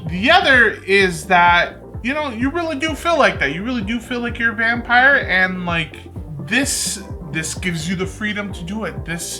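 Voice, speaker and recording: A man's voice: high voice, sharp tone. A young man hosting a reaction video, joking and rambling as he comments straight to his viewers. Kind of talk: casual commentary reacting to a reality show clip.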